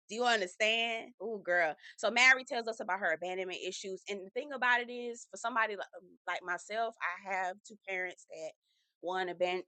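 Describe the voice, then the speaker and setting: Sassy woman with a bright, dry voice. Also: medium pitch, dry recording. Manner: sassy, animated, says "girl" often. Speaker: reality TV recap host. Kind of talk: casual recap commentary.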